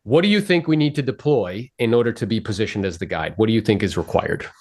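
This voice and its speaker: A man coaching real estate agents on a video call, energetic and blunt, swearing freely and quizzing his listeners. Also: on the low side, quick pace. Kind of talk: live sales coaching session.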